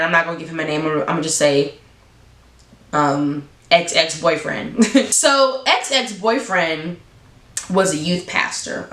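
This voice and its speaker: A woman tells a story to her viewers in a casual, blunt, animated way, her voice jumping high for emphasis. Her pitch sits mid-range. The sound reflects around an echoey room. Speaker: storytime vlogger.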